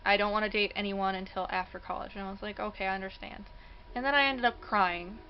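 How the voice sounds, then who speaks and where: A woman's voice: mid-range voice, fast talker, lo-fi sound, slight background noise. A young woman telling a personal story in a casual vlog, acting out the voices of the people in it and laughing often. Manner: animated, acts out quoted voices, laughs often. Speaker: vlogger. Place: indoors near a passing train.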